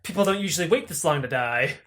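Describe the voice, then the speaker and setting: A man's voice: a little high, expressive, fast, a bit bright, pitched below the performer's own voice. A man doing a puzzled, mumbling underworld god. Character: bored male god of the underworld.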